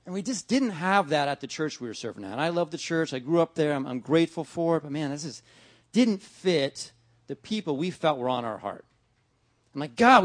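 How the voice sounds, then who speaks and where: A middle-aged pastor delivers a conversational sermon, sprinkling in lots of "right?" and "man" and often acting out his conversations with God. His voice is on the high side, captured in a dry, studio-quality recording.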